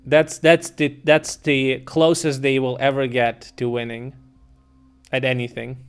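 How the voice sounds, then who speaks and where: A man's voice: medium pitch, flat delivery, measured pace, clean tone, soft background music. A man streaming live, answering chat comments in a blunt, mocking, incredulous way with plenty of swearing.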